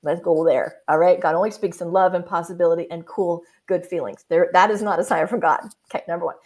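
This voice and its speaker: A woman author and business mentor, a guest on a video call from a closed office, talking in an animated way and acting out inner voices in little quoted asides. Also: on the low side, quick pace. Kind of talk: animated interview talk. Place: home office with the door closed.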